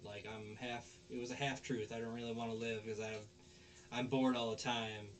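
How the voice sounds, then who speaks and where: A man's voice: mid-range voice, flat delivery, a little fast, a little hiss or hum, lightly acted. Man voicing a scheming, bored anime schoolgirl with a mocking tone. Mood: taunting. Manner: mocking and taunting.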